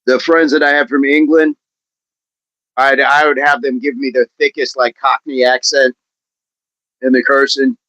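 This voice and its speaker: A man's voice: medium pitch, flat delivery, normal speed, pauses often, sharp tone, dry recording, rough recording. A middle-aged man hosting a livestream, chatting casually, reading viewers' comments, laughing often and repeating phrases playfully. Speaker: livestream host.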